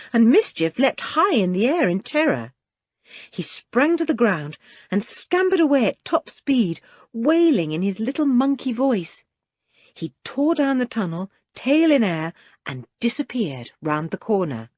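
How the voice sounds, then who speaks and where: A woman narrating a children's adventure audiobook with expressive reading. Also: on the high side, unhurried, dry recording, clean studio sound. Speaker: audiobook reader. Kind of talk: storybook narration.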